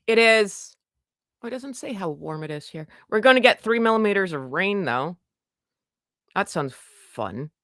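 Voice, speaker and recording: A woman from Canada hosting a casual livestream from home, chatty and self-deprecating, greeting viewers by name in a loud voice. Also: medium pitch, lively intonation, normal speed, no room sound, clean studio sound. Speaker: livestream host. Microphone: desk microphone.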